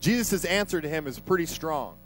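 Male preacher, conversational sermon, emphatic, slightly high, faint hum. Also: lively intonation, a little fast, rough recording. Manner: conversational, emphatic, vivid retelling.

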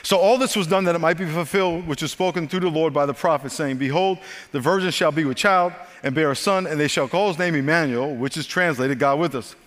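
An older man preaching a sermon as pastor, telling the story with lively, acted-out asides. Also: a little high, fairly quick, few pauses, big-room sound. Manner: animated storytelling with voiced asides.

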